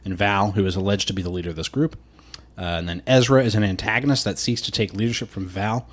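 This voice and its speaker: Low-voiced man chatting on a podcast. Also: fairly even intonation, fast. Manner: laughs often, acts out quotes in put-on voices. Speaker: podcast co-host. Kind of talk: casual chat.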